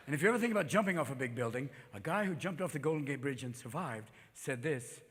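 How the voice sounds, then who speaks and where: A man's voice: medium pitch, expressive, slight background noise. A man in his fifties doing manic stand-up comedy on a theater stage, leaping into voices. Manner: manic, rapid-fire, leaps into voices. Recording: live theater with long reverb.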